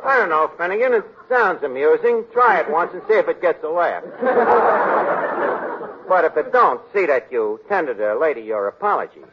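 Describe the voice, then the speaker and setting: An actor playing a tough, scheming bar manager, in 1940s radio comedy acting. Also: male voice, on the high side, sing-song, moderate pace. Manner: wisecracking, tough, laughs a lot. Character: fast-talking male bar manager, schemer. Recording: dull, slightly noisy old radio recording.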